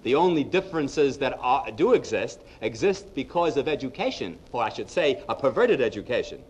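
A man's voice: medium pitch, normal speed, breathy edge, highs cut off. A man giving a humorous lecture on psychology to a live audience, telling jokes and speaking to the audience directly. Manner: lively storyteller, punchline-driven, addresses the audience directly.

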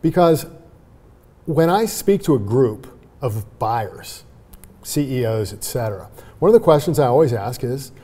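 Guy explaining his sales approach, lively and emphatic, laughs along, dark warm voice. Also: medium pitch, measured pace, breathy edge. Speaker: sales trainer guest. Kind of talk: conversational interview.

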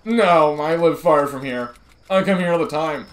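A man's voice: a little high, moderate pace, reverberant, pitched above the performer's own voice, close to an everyday voice, low-quality recording. A man voicing a stranger in a horror game as a whiny, nasal, know-it-all young man. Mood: fussy.

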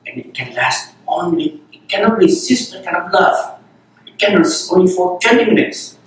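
Heard from a distance in a very echoey meditation hall, a man with a high voice delivers a dharma talk as a Zen teacher. He moves at a moderate pace, unhurried, returning again and again to short phrases.

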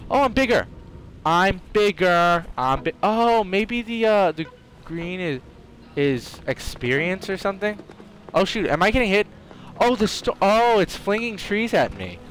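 A man doing excitable let's play commentary, trash-talking the enemies in his game. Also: high voice, measured pace, a little hiss or hum. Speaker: gamer.

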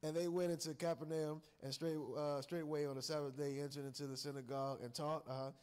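A man's voice: fairly high pitch, flat delivery, quick pace, darkish tone, smooth. A man preaching a sermon in a folksy way, laughing and calling out to his congregation. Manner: folksy, laughing asides, calls and responses to the congregation.

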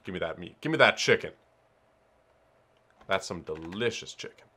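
A man casually commenting on his own gameplay, excitable and swearing, talking to himself as he plays. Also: sits low, normal speed. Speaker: let's player.

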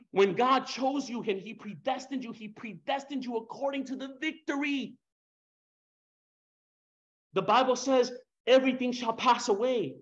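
Impassioned high-voiced man preaching. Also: unhurried, lo-fi sound. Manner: impassioned, swings between soft and loud, rhetorical questions, casual slang. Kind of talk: sermon.

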